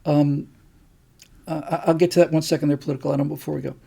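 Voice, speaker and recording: A man's voice: on the high side, level tone, rapid-fire, gravelly, mellow, slightly rough. A middle-aged man hosting a casual livestream, answering viewer comments in a rambling, enthusiastic way. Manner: rambling and enthusiastic, with many fillers. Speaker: host.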